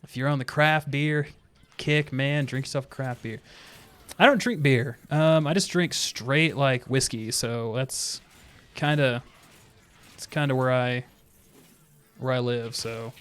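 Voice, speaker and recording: A man's voice: medium pitch, fairly even intonation, a little slow, long pauses, fairly bright tone, clean tone. Laid-back man streaming a game. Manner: laid-back, laughing, rambling asides. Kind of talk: casual gameplay commentary.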